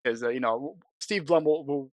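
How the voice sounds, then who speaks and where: A man's voice: medium pitch, moderate pace, no room sound. A man co-hosting a podcast, chatting and teasing casually, swearing now and then. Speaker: podcast co-host. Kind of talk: casual chat.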